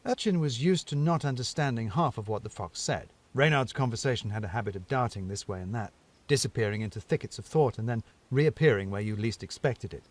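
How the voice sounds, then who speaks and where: Expressive male storybook narrator. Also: mid-range voice, brisk.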